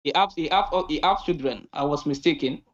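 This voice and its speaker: A man calling in to a debate show, insistent and arguing back, reading verses slowly. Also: on the high side. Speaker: caller. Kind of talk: call-in debate. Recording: dull phone line.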